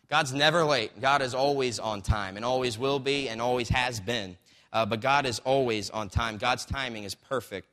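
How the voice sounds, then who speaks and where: A man's voice: medium pitch, pushed and bright. A man preaching a sermon in a loose, conversational way, telling stories and tossing in "right?" asides. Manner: conversational, storytelling with acted quotes, frequent "right?" asides. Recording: long hall reverb.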